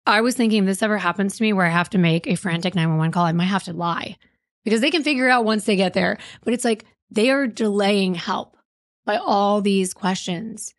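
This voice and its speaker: A woman hosting a true-crime show, telling the story in a relaxed, chatty way with frank asides. Her mid-range voice is recorded dry and close. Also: medium pitch, brisk, dry recording. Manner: conversational, acts out quotes, comments frankly. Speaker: podcast host. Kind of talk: true-crime narration and commentary.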